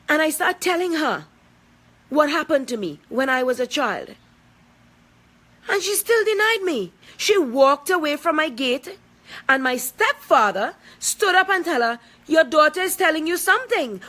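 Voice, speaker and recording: A woman's voice: high-pitched, lively intonation, a little slow, sharp tone. A woman, speaking out in a confrontational, emphatic personal video, repeating points for force. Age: 40s. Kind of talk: angry personal video statement.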